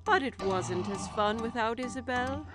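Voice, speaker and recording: A woman narrating a children's cartoon in a gentle, expressive storytelling voice. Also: fairly high pitch, normal speed, loud music behind the voice.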